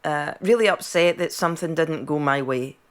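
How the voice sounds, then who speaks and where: A Scottish woman with a fairly low voice chats on a podcast over a video call. She tells stories in a loose, conversational way and keeps checking in with her listeners. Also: moderate pace. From Scotland. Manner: chatty, storytelling, tags lines with "right?". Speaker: podcast co-host. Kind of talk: casual chat.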